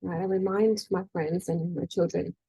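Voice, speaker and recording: As a spiritual energy-healing coach at a group meeting, this middle-aged woman delivers a casual faith-based teaching talk, chatting away, checking in with "right?", saying "you know", and acting out quoted voices. Her fairly low voice is gravelly, mellow and slightly rough, with fairly even intonation at a moderate pace. The recording is dry and the audio poor.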